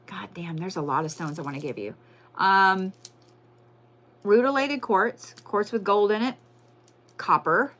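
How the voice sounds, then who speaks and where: A woman's voice: mid-range voice, measured pace, long pauses, a bit bright. A woman giving a casual, profane live crystal and zodiac reading, chatting to viewers as y'all. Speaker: livestream tarot and crystal reader.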